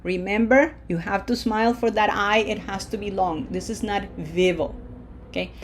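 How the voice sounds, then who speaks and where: A woman teaching a recorded Spanish lesson, patient and encouraging, modeling words slowly for learners to repeat and checking in with frequent okays. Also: mid-range voice, fairly even intonation, a little hiss or hum. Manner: slow, patient, drills with repetition.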